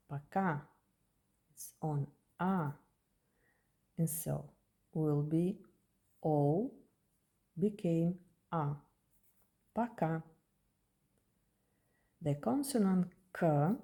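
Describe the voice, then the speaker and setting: A woman with a Russian accent walks beginners through a lesson at a very slow, deliberate pace. Her voice is low and dark with a gravelly, creaky edge. She repeats each word patiently so learners can follow. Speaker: language teacher.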